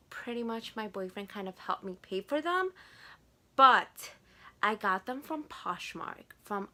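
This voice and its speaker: Young woman vlogger with a Spanish accent, gushing, slow talker with a bright, pushing voice. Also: mid-range voice. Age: 20s. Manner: chatty, gushing, repeats words for emphasis. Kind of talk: casual haul chat to camera.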